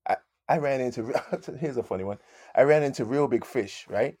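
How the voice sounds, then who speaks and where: A man's voice: mid-range voice, normal speed, mellow, no echo, studio quality. A man in his fifties with a light London accent, a musician telling stories in a casual interview, laughing and acting out other people's voices. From London, England. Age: 50s. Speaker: musician guest.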